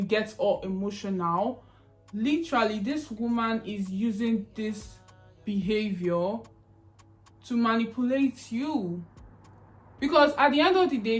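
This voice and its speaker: A woman's voice: medium pitch, unhurried, soft background music. Chatty young woman vlogger. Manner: chatty, repetitive, emphatic. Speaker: YouTube vlogger. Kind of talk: casual advice vlog.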